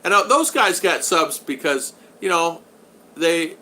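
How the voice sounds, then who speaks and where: A man's voice: fairly high pitch, lively intonation, a little slow, pushed and bright, rough recording. Chatty rambling man on a home live stream. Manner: rambling, chatty, greets viewers by name. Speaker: vlogger hosting a live stream. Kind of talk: casual live-stream chat reading comments. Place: home in the Philippines.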